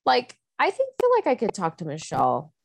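A woman's voice: mid-range voice, wildly swooping pitch, fairly quick, gravelly, husky, no echo. A woman co-hosting a grief podcast, talking in an emotional, reflective way with many fillers. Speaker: podcast co-host. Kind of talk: casual podcast chat.

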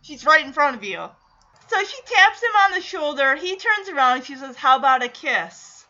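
A high, bright woman gushes through a casual TV episode recap, laughing and acting out each character's lines as she goes. Her voice rings sharp and lively. The recording sounds a touch muffled. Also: normal speed.

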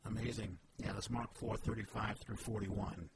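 A man's voice: fairly low pitch, steady tone, normal speed. A man hosting a casual faith discussion, speaking earnestly and emphatically, with personal stories. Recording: noisy background ambience.

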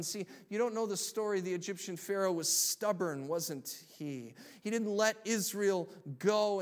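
A man preaching a sermon as pastor, energetic, rallying the congregation and building to loud proclamations. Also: a little high.

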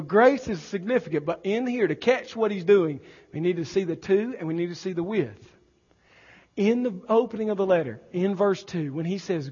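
High-voiced husky preacher in a reverberant hall. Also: male voice. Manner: builds from quiet teaching to loud emphatic preaching. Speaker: pastor. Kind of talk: sermon. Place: church sanctuary. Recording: lo-fi recording in a reverberant church hall.

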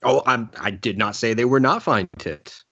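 A man's voice: mid-range voice, normal speed, sharp tone, slightly rough, no echo, muffled recording. A man co-hosting a casual movie commentary podcast, blunt and sardonic. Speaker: podcast co-host.

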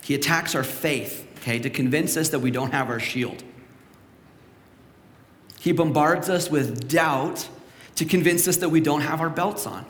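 A man's voice: on the high side, measured pace, pauses often. Young male pastor preaching in an echoey hall. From Canada. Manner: storytelling, acts out quoted voices. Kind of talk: sermon. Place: church sanctuary. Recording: echoey church hall with long reverb.

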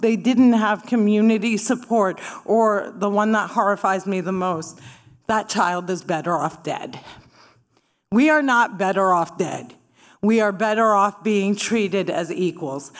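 A woman from Palestine doing stand-up comedy, punchy and sarcastic, rising to emphatic bursts. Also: medium pitch. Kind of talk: stand-up talk with audience.

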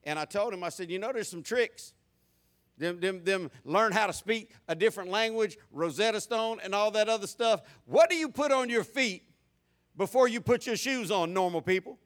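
High, bright preacher man. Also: normal speed. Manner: folksy and humorous, with many stammered restarts. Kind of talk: sermon.

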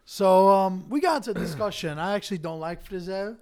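A woman's voice: mid-range voice, fairly quick, darkish tone. A woman hosting a podcast, chatty and upbeat, teasing her guest playfully. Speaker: podcast host. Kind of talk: casual podcast chat.

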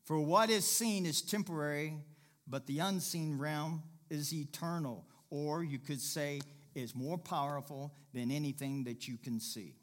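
A man preaching a sermon with a bright, forward tone that sits a little high. He moves from folksy asides to emphatic, raised exhortation, pressing his points to the congregation. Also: normal speed. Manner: emphatic, rising to shouted exhortation.

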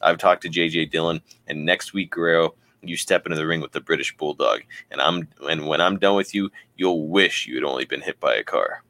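A man's voice: rumbling low, a little fast, hardly any pauses, pushed and bright, no room sound, full character voice. A man voicing a vengeful male wrestler who issues a stern threat. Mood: threatening.

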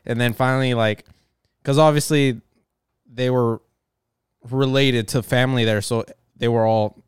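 A man in his thirties tells stories on a live podcast, profane and animated, laughing often. His voice is smooth and resonant, with a dry, close sound and mid-range pitch. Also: measured pace, dry recording. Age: 30s. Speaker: podcast host. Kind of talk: casual chat.

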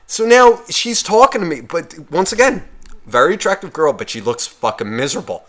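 A man co-hosting a podcast, telling a rambling story full of swearing in casual, animated talk. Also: a little high, brisk. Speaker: podcast co-host.

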